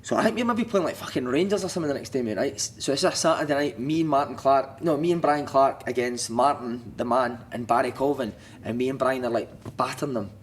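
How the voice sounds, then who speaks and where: A man's voice: mid-range voice, fast talker, few pauses, a little hiss or hum. A Scottish man, a former footballer guesting on a podcast, telling rambling, sweary stories and saying "mate" all the time. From Scotland. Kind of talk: casual storytelling.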